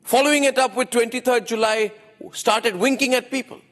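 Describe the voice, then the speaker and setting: A man's voice: extremely high pitch, steady tone, normal speed, a bit bright, long reverb tail. A man with an Indian English accent, delivering an opinionated TV news monologue as anchor, emphatic and repeating phrases for effect.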